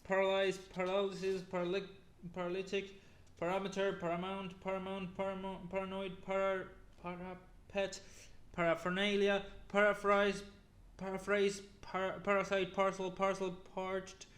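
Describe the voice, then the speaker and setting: Guy reading a huge word list out loud, high voice, super flat, keeps tripping and repeating words. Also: normal speed. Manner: stumbles and repeats words, restarting often. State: weary from long reading. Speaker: YouTuber.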